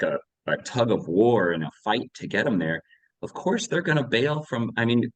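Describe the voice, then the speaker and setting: Low-voiced man in his forties. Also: no echo, low-quality recording. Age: 40s. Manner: reflective, thinks aloud with repeated phrases. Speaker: parenting educator. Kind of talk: candid conversational chat.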